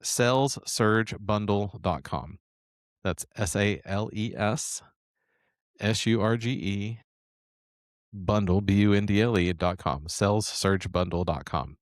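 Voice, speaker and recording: Enthusiastic low-voiced sales coach, dry mic. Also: male voice, unhurried, no echo. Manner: enthusiastic, rambling with many restarts. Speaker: sales coach and show host. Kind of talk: casual sales coaching talk.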